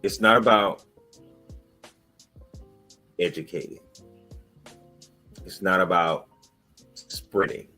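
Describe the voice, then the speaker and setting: A man's voice: deep voice, takes it slowly, pauses often, rough recording. Man, talk show guest, adamant, insistent, punchy emphasis, faint music underneath. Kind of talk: emphatic interview answers. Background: soft music bed.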